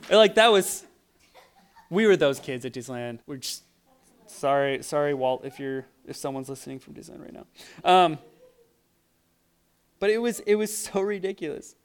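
Smooth-voiced man preaching casually. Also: on the high side, moderate pace, long pauses. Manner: animated storytelling, acts out voices, frequent restarts. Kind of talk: casual sermon with stories.

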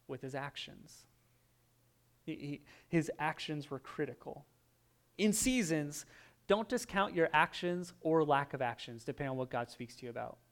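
Guy preaching, smooth clear voice, kinda high, gets really animated telling stories. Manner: animated storytelling, acting out his own voice in quotes. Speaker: pastor. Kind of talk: sermon.

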